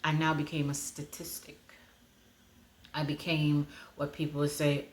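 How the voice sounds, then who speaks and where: A woman telling her personal testimony at a slow, deliberate pace. She speaks from the heart and often lowers her voice to a near hush. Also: monotone.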